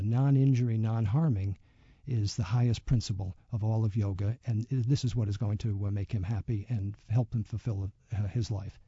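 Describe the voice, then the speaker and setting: A man being interviewed as a yoga teacher, speaking reflectively and telling a story with many pauses and fillers. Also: lowish voice, warm tone, breathy edge, no echo, dull audio. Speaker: yoga teacher and author, guest. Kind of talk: radio interview.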